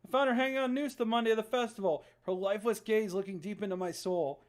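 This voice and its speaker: A streamer reading aloud the lines of a troubled young man from a story game in a plain, flat voice. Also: mid-range voice, quick pace, close to an everyday voice. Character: troubled young man stuck in a time loop.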